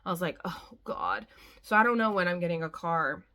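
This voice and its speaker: A woman's voice: on the low side, fast, pushed and bright. A young woman vlogging to the camera, rambling frankly about her day in a slightly weary, casual way. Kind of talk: casual chat.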